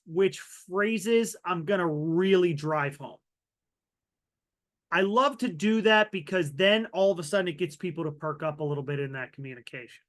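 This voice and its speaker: A man presenting a webinar training, talking with lively shifts in loudness and pace to drive points home. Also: sits high. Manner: animated, varies loudness and pace for emphasis. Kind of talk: virtual training talk.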